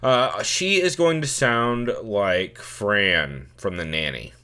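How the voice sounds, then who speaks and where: Bright-voiced young man reading a game. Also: fairly low pitch, slow pace. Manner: profane, joking, riffing. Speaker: let's play host. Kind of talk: casual game commentary and reading aloud.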